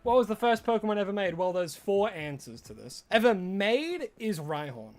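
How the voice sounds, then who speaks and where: Australian man with a slightly American edge, casual streamer chatting to viewers, high and bouncy pitch. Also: sing-song, normal speed. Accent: Australian with some American. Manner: chatty, answers viewer questions as they come. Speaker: live streamer. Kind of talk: casual live-stream chat.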